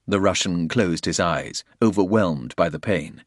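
A man's voice: sits low, a little slow, hardly any pauses, dry recording, studio quality. A man reading a violent thriller aloud in a dramatic storytelling voice. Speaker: audiobook narrator. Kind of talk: scripted thriller narration.

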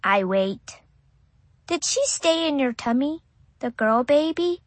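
Little boy storyteller, a woman putting him on, slow careful words, very literal, dry close sound. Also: high-pitched, lively intonation, no room sound. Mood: wondering. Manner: childlike, literal and wondering. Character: curious five-year-old boy, earnest and innocent. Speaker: child narrator. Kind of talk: audiobook narration.

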